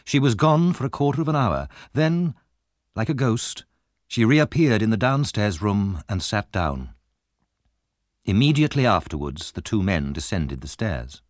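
A man reading a storybook chapter aloud in a measured, expressive way. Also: fairly low pitch, no room sound, studio quality. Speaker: audiobook narrator. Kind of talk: scripted storybook narration.

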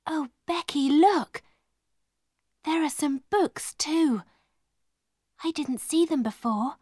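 A woman voicing a gentle, hopeful young girl, speaking softly and slowly, often near a whisper. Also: high-pitched, dry recording, studio quality, voice pushed up. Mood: excited hush. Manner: soft, slow, often hushed.

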